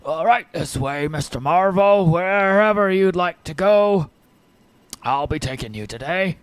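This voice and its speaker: A man's voice: animated, a little slow, clear, resonant tone, no room sound. A man voicing a very old male halfling carriage driver who stammers and fawns over his passenger. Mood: fawning. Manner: stammering, fawning, high and wavering.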